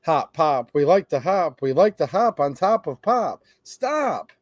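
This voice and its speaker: A man with a fairly high voice and lively intonation hosts a live stream, reading a children's rhyme book aloud at normal speed in a playful sing-song. The studio sound is clean, with no room sound.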